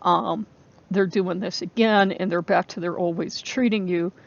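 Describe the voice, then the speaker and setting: A woman's voice: lowish voice, steady tone, normal speed, vocal fry, lo-fi sound. A woman voicing a protective, mischievous male trickster god who talks bluntly and indignantly.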